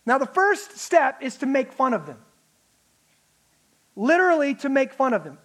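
A man preaching a sermon, animated, acting out the mocking voices of enemies. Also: very high-pitched, normal speed, long pauses. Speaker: pastor.

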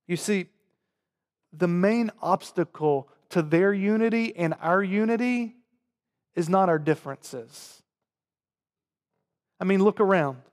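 A man with a Southern US accent, preaching a sermon to his congregation and swinging between loud emphatic lines and quiet, low asides. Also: slow, long pauses. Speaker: pastor. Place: church sanctuary. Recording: long hall reverb.

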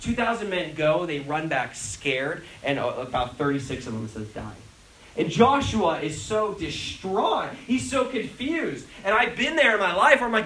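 A young man preaching a lively sermon as a youth pastor, acting out prayers and voices with laughter. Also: sits high, normal speed, rough recording.

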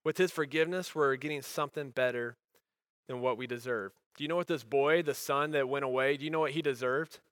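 Male pastor preaching, earnest, swings from emphatic to hushed, bright tone, dry close sound. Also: mid-range voice, brisk, clear, resonant tone, no echo. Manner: earnest, builds to emphatic peaks then drops soft. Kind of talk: sermon.

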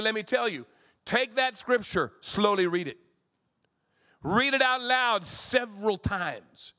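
A man in his sixties, a pastor preaching a sermon with emphatic swings between loud and soft. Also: high voice.

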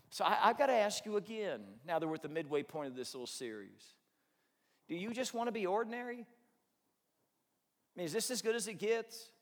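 A male pastor preaching a sermon, telling stories in an animated way and acting out both sides of the conversations. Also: high voice. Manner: animated storytelling, acts out both sides of dialogues. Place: church sanctuary. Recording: long hall reverb.

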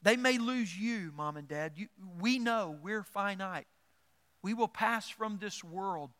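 High bright-voiced preacher in a reverberant hall. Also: male voice, slow pace. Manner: animated preaching with repetitions and rising emphasis. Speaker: pastor. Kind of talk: sermon.

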